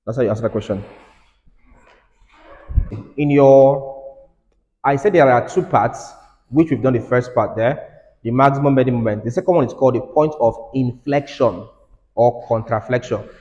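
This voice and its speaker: A man's voice: medium pitch, normal speed, long pauses, mellow, highs cut off. Man lecturing in a reverberant hall. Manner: repetitive, urging students to listen. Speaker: engineering lecturer. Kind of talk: classroom lecture.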